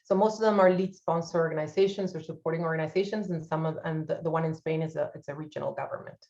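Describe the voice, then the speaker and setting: A woman's voice: low-pitched, fairly even intonation, fast, warm tone. Hesitant woman presenting policy work. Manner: hesitant, many "uh" fillers. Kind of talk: presentation in an online workshop. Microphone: video call. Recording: muffled video-call audio.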